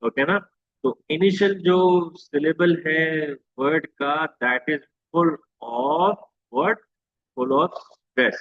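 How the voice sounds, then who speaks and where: A man's voice: on the high side, quick pace, dry recording. A man teaching a literature lesson, mixing Hindi and English and answering his own questions. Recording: dry, tinny phone-like audio.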